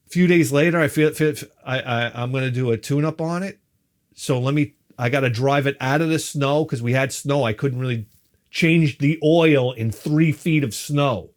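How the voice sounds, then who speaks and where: A man's voice: mid-range voice, moderate pace. A middle-aged man, telling a story in a wry, exasperated and profane way. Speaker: vlogger.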